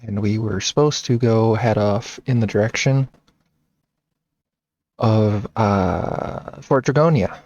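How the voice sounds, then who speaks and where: Man, let's-play commentary, thinking out loud, gravelly, muffled lo-fi sound. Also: lowish voice, slow, no echo. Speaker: game streamer.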